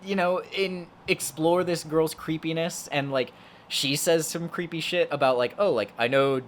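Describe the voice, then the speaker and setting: Slight background noise accompanies a young man co-hosting a podcast in a voice on the high side, at a moderate pace. He chats about a horror movie in a loose, filler-laden way, swearing plenty.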